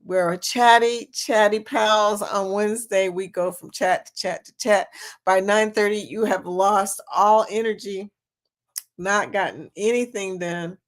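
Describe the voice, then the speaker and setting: A woman's voice: mid-range voice, fairly even intonation, a little slow. A woman hosting a casual live chat, reading comments aloud and laughing often. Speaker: livestream host.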